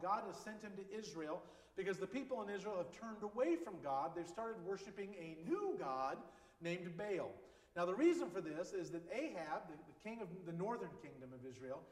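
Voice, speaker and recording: Man, pastor, high-pitched voice, casual conversational sermon, long reverb, roomy sanctuary. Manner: conversational, joking asides. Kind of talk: informal sermon. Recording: echoey hall with long reverb.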